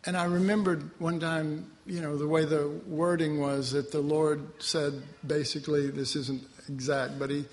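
A man's voice: on the high side, little pitch movement, measured pace, few pauses. Folksy preacher man in a reverberant hall. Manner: folksy, chuckling, acts out voices in the story. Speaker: pastor. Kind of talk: conversational sermon.

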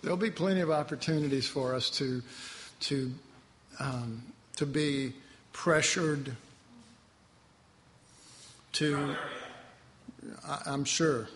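A man giving a relaxed, conversational sermon, folksy and warm with chuckles, acting out the voices of the story's figures. His voice sits a little high for a man, and a long reverb trails his words through a large hall. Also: slow pace, pauses often. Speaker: pastor.

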